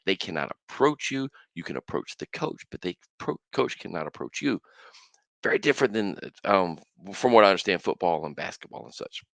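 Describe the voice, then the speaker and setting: A middle-aged man hosting a casual solo podcast, animated and slangy, with bursts of loud excitement. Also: fairly low pitch, dry recording. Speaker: podcast host.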